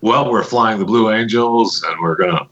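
A man's voice: lowish voice, moderate pace, fairly bright tone, dull audio. A man hosting a podcast in a casual, joking way, chatting loosely and fiddling with his mic on air. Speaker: podcast host.

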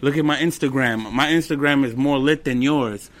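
A man in his twenties, a comedian guest on a casual podcast, telling animated stories with slang, swearing and bits of Spanish. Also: mid-range voice, normal speed. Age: 20s.

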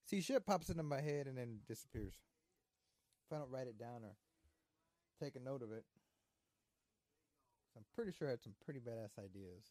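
Rambling, teasing male host for a movie watch-along, swears freely, mellow timbre, dry room. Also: medium pitch, expressive, moderate pace, long pauses, dry recording. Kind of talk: casual chat over a movie.

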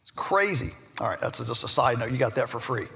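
A middle-aged farmer from Virginia giving a lively conference speech, an animated storyteller who slips in jokey asides. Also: male voice, mid-range voice, brisk, creaky, slight background noise. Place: large conference hall. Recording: echoey hall with long reverb.

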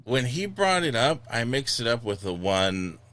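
A man hosting a podcast, talking in a casual, animated way. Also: mid-range voice, moderate pace, dry recording. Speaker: podcast host.

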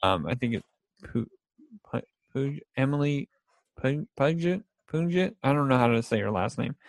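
A man's voice: medium pitch, expressive, normal speed, creaky, no room sound. A young man chatting casually about favorite TV shows, rambling and laughing often as he acts out scenes.

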